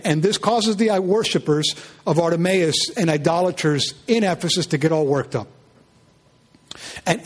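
A pastor preaching a sermon, animated and firing rhetorical questions at his congregation. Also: high-pitched, husky.

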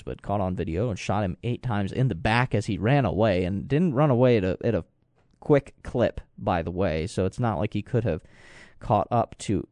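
A man's voice: lowish voice, darkish tone, no room sound, studio quality. A man giving rambling, digressive commentary with sarcastic asides. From United States. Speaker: political commentator. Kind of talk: casual talk commentary.

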